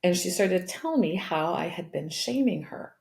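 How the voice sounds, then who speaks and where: A woman's voice: lowish voice, expressive, normal speed, creaky, a little mellow, echoey room. A middle-aged woman, a coach being interviewed, telling a personal story candidly and emotionally, with many restarts and laughs. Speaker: guest, empowerment coach.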